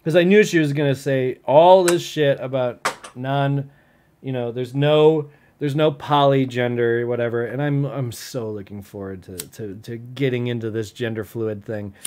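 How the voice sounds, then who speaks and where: A man's voice: medium pitch, steady tone, moderate pace, a little mellow. Stoned guy ranting on his vlog, annoyed and swearing, rambles. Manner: irritated, rambling and profane. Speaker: vlogger. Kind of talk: live reaction vlog.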